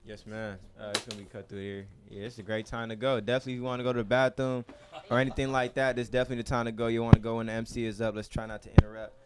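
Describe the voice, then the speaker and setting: A man's voice: mid-range voice, level tone, racing, heavy background noise. A man hosting an open mic, doing loose, slangy stand-up banter and laughing between bits. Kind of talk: stand-up comedy, casual slang. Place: small comedy club stage.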